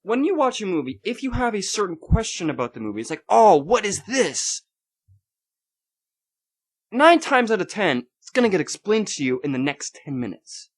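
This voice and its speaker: His voice sits high and he speaks at a quick pace with few pauses as he hosts a podcast. In casual chat he rants about a movie night, telling the story animatedly and swearing freely.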